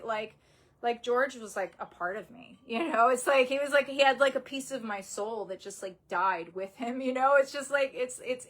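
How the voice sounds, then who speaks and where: Young adult woman, slightly high voice, grieving vlogger. Halting, upset delivery, near tears, lots of restarts. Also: fairly bright tone. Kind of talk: emotional personal story.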